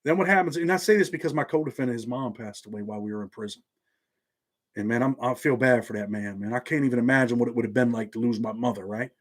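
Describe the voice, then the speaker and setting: A man's voice: medium pitch, fast talker. A man with a Southern accent hosting a live stream from his home office, talking in laid-back street slang. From Indiana. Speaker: channel host.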